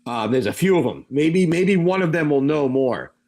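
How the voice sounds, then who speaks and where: A man's voice: a little high, expressive, a little mellow. Man voicing a hesitant young vine creature. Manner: hesitant, halting. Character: newborn male vine plant creature, unsure.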